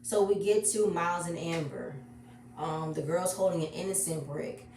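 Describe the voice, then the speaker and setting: A chatty woman recaps a reality show episode with a low voice, emotional and repeating herself. She sits back from the mic in an echoey room. A faint hum runs underneath. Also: normal speed, a little mellow, recorded from a distance. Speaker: reality TV reviewer.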